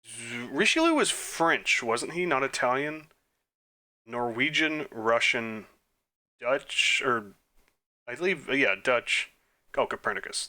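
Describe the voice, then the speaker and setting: A man talks his way through an online history quiz, muttering guesses under his breath. His voice is bright and forward, and he breaks into flustered, self-mocking outbursts. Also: mid-range voice, animated, a little slow. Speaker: gaming YouTuber. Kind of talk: quiz playthrough commentary.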